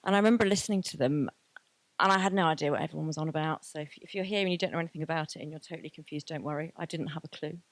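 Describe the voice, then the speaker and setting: Racing through her words in a deep voice, this woman in her thirties shares a heartfelt, frank testimony at a graduation event. Fillers crowd her speech, and the audio is echo-free.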